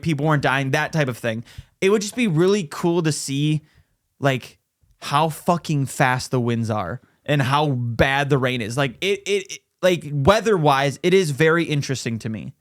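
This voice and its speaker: A man's voice: a little high, moderate pace, dry recording, studio quality. A young man co-hosting a podcast, laid-back casual chat with frequent swearing. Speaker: podcast co-host.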